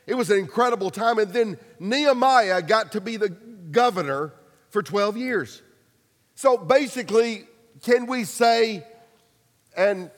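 A pastor preaching a sermon, telling stories casually with humor and acted-out quotes. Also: male voice, high-pitched, long reverb tail.

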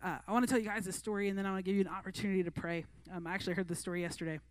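A woman's voice: medium pitch, steady tone, very fast, dry recording. A woman preaching a sermon to a youth group in an earnest, conversational way. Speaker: youth pastor.

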